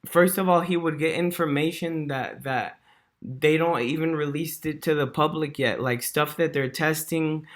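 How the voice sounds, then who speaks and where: Slangy, rambling man with a higher voice. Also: fairly even intonation, normal speed. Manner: slangy, swears a lot, heavy fillers, dude and bro; rambling, restarts, chuckles to himself. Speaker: vlogger. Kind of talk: casual ranting commentary.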